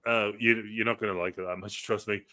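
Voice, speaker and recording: A man's voice: fairly low pitch, steady tone, quick pace, crowd noise. A man in a casual movie review chat, talking animatedly and stumbling over repeated words. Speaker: podcast co-host.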